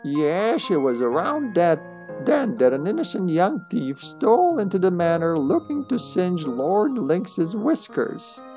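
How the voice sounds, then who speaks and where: A man voicing a wizened, ancient old crone who is sly and knowing, in a high cackling old woman's voice. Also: sing-song, a little slow, dark tone, soft background music, exaggerated voice.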